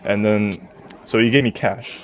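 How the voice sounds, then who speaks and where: A man's voice: fairly low pitch, unhurried, slight background noise. A young man telling a story on a group video call, laid-back and laughing, using street slang. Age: young adult. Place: hot room with windows open.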